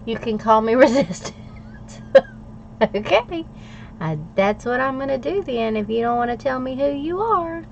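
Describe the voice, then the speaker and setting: A woman's voice: sits high, animated, moderate pace, gravelly, a little hiss or hum. Middle-aged woman, livestream host, chatty and playful, reading viewer comments aloud, slightly dull lo-fi sound. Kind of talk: casual livestream chat while journaling.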